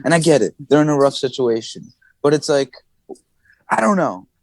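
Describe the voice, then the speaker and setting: A man as a podcast guest, telling stories in casual chat, animated, laughing and swearing as he goes. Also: medium pitch, fairly quick, no room sound. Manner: animated, swings his voice up and down, laughs and swears often.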